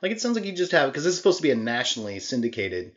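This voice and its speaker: A man's voice: mid-range voice, sing-song, very fast, dull audio. Sarcastic rambling man on a podcast. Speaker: podcast co-host. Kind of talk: casual movie podcast chat.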